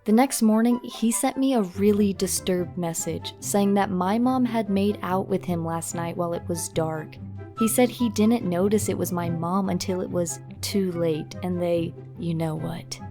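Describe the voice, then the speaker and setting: A woman's voice: on the low side, measured pace, music in the background. Woman narrating a scripted story.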